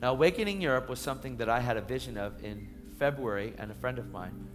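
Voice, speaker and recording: Animated male preacher in echoey hall. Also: medium pitch, fast. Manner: animated, emphatic storytelling. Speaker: evangelist preacher. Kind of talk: sermon testimony. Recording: echoey hall with faint music.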